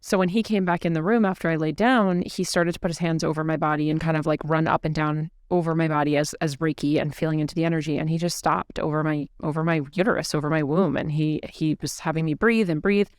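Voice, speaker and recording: A woman podcast host telling a personal story in casual conversation, earnest and animated, with quoted speech. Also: sits low, fast, few pauses, no echo, studio quality.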